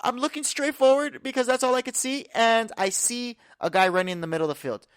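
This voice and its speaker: A man's voice: extremely high pitch, brisk, a bit bright, clean tone, dry recording, voice pushed up. A man putting on the voice of a panicky, scared young male rookie quarterback, whiny and frantic. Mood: panicked.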